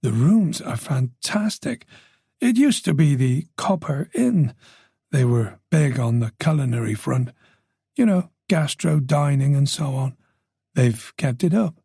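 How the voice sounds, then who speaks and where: A man's voice: fairly high pitch, lively intonation, vocal fry, mellow, slightly rough, no echo, clean studio sound, heavily acted. A man doing a gossipy older woman with a faint Dublin lilt. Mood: chatty. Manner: gossipy, teasing, talks on quickly. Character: chatty, observant older woman neighbour.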